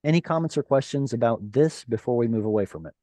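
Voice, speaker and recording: Animated man teaching over a video call. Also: medium pitch, quick pace, dry recording. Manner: animated and encouraging, playful asides. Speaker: Hebrew teacher. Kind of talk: online class teaching.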